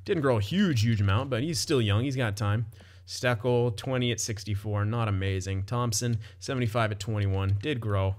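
A man's voice: on the low side, moderate pace. A young man casually commenting on his own hockey game, chatty, often laughing and swearing loosely. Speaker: gaming commentator.

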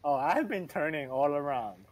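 A man's voice: fairly high pitch, lively intonation, normal speed, no echo, low-quality recording. A man chatting casually with a friend while playing a game. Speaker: gamer. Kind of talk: casual gameplay chat.

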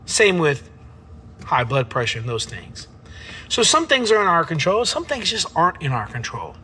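This man's voice sits on the high side with a sing-song lilt at normal speed, over a slight hiss or hum. He's a vlogger reflecting on personal matters to camera, earnest and emphatic, slang-heavy, with loud background music playing.

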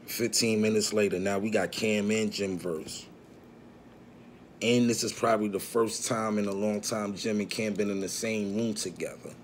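A man's voice: lowish voice, steady tone, moderate pace. A man casually telling a story in slang, acting out what people said, with faint background noise. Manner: slangy, acts out quoted dialogue.

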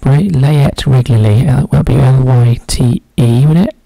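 A man's voice: mid-range voice, moderate pace, creaky, dark tone, dry recording, poor audio. A man solving a crossword aloud, musing and muttering clues half to himself. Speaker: crossword solver. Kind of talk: thinking aloud while solving a puzzle.

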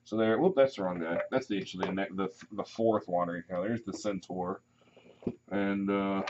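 A man running a tabletop game as dungeon master, relaxed and rambling with many pauses and ums. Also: deep voice, slight background noise. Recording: muffled lo-fi recording.

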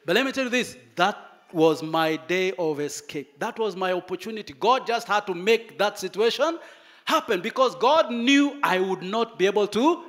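Preacher, male, high voice, animated storytelling sermon delivery. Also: moderate pace.

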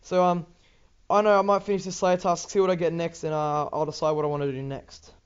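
A man's voice: on the high side, flat delivery, fairly quick, clean tone, dull audio. A teenage boy with an Australian accent, rambling casually over gameplay with lots of ums, restarts and swearing. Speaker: gaming YouTuber.

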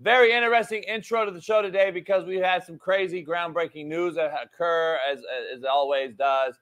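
A man's voice: on the high side, fairly quick. Emphatic, swearing sports talk host man. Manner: animated, emphatic, swears casually, repeats key points. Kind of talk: live sports talk commentary.

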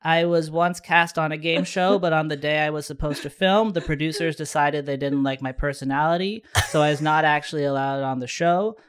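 A man's voice: on the high side, steady tone, a little fast, few pauses, fairly bright tone, smooth. A man co-hosting, reading numbered anecdotes aloud in a dry, matter-of-fact way. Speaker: co-host.

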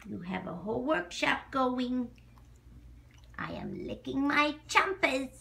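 A woman voicing an eager, greedy male bulldog who waits for cookies and narrates his thoughts in a hushed, conspiratorial way. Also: high-pitched, very animated, slow pace, creaky, a little hiss or hum, heavily acted. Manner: hushed, conspiratorial inner-monologue.

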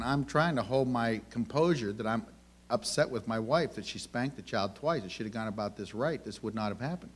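A man giving a conversational sermon on parenting, telling family stories and asking the audience rhetorical questions. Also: medium pitch. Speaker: minister teaching on parenting.

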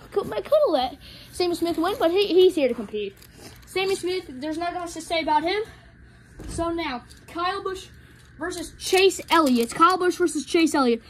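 A woman calling toy car races as commentator, rushed and excitable, rising to shouts at each finish. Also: very high voice, slight background noise. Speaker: race commentator. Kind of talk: hobby race commentary.

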